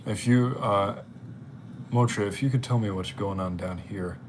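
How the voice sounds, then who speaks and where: Casual male streamer, mid-pitched and rambling, with a faint hiss in the background. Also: unhurried. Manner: rambling, chatty. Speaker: livestream host. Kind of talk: casual live-stream chat.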